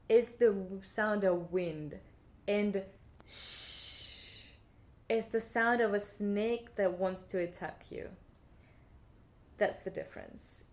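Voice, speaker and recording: A woman's voice: medium pitch, darkish tone. A woman with a Russian accent teaching the alphabet in a playful video lesson, repeating each sound for the viewer. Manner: playful, demonstrates sounds slowly and repeats them. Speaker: language teacher.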